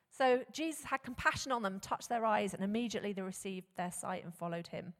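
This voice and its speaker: A woman preaching a sermon, animated and conversational, often posing rhetorical questions to the congregation. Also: medium pitch, a little fast, hardly any pauses. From England. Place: church hall. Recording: long hall reverb.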